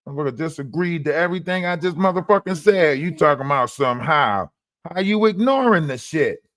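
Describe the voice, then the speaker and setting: A man's voice: a little high, expressive, fairly quick, fairly bright tone, no room sound, studio quality. A man hosting a livestream, ranting in a mocking, profane way and repeating lines for emphasis. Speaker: livestream host. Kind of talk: heated livestream rant.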